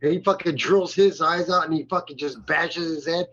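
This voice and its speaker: Husky male co-host, swearing storyteller, dull lo-fi recording. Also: on the high side, moderate pace, fairly bright tone. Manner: profane, rambling storyteller. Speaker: podcast co-host. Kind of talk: casual podcast storytelling. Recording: muffled lo-fi audio.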